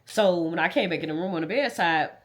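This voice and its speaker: A woman's voice: fairly low pitch, quick pace, a bit bright. Woman telling a painful storytime. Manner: conversational, repetitive, dialect grammar. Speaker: vlogger. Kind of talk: emotional storytime.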